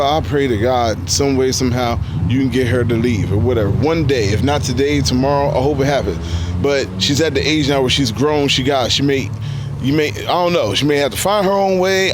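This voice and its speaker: A man's voice: mid-range voice, noisy background. A man giving blunt, heavily profane, unscripted reaction commentary while live streaming about a video clip.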